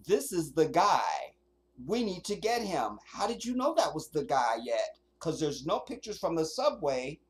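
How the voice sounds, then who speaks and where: Streamer host, sarcastic commentary, mocking read-alouds, very lively pitch. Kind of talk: livestream commentary.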